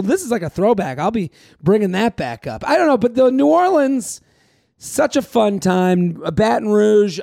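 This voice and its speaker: A man's voice: sits high, gravelly, warm tone, no echo, studio quality. A man hosting a comedy podcast in casual chat, rambling and joking crudely while plugging his shows.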